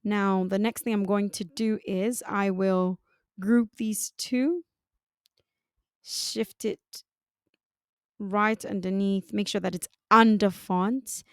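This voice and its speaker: A woman giving a calm, step-by-step software design tutorial, talking through each click. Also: mid-range voice, no echo, studio quality. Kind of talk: screen-recorded software tutorial.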